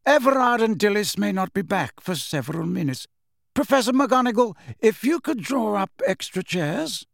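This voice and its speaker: A man voicing a calm elderly wizard headmaster who speaks in a measured, quiet, grave way. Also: sits high, creaky, dry recording, studio quality, pitched above the performer's own voice.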